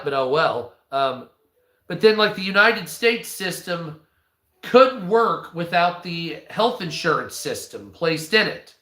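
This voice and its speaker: A man's voice: on the high side, pushed and bright, echoey room. A man giving casual, rambling commentary on news articles, swearing freely and drifting into offhand asides.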